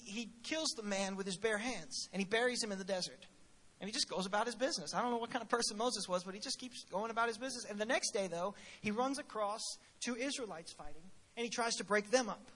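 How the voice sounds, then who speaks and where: A pastor preaches in a very high, bright, ringing voice. He retells Bible stories with lively humor and keeps stumbling over repeated words as he pushes forward. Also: fast talker. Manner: animated, humorous storytelling; stutters on repeated words. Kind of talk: sermon.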